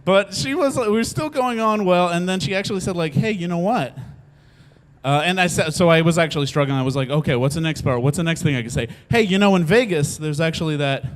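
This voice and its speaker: Brisk and a little high-voiced, the young man delivers live comedic storytelling about something that happened to him, laughing frequently and performing the quotes of each person in it.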